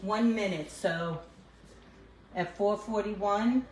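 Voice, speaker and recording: A woman's voice: medium pitch, takes it slowly. Older New York woman cooking and chatting. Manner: chatty, laughs often, talks while cooking. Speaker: cooking livestream host. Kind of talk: casual cooking chat. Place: home kitchen. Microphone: phone. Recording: echoey room, faint background noise.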